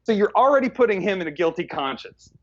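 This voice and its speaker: A man's voice: sits high, very animated, fast talker, highs cut off. A man co-hosting a movie review podcast in casual chat, blunt, sarcastic and swearing freely.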